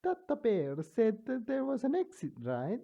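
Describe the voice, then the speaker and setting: A man's voice: very high voice, huge pitch swings, moderate pace, vocal fry, lo-fi sound, pitched above the performer's own voice, heavily acted. A man voicing an eager, hopeful young student.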